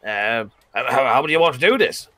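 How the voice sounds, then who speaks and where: A man voicing a loud, boisterous male adventurer who talks in brash, chummy slang. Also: mid-range voice, big pitch swings, brisk, dry recording. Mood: wheedling.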